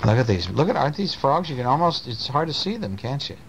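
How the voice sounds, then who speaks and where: A man's voice: mid-range voice, fast talker, muffled recording, background noise. A man reading bedtime stories aloud to his child at home, playful and chatty, stopping to talk with the child. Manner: playful, animated, talks to the child.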